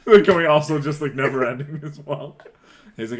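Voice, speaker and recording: A man's voice: fairly high pitch, normal speed. A man co-hosting a podcast, joking around, laughing and acting out silly bits in casual chat. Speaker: podcast co-host.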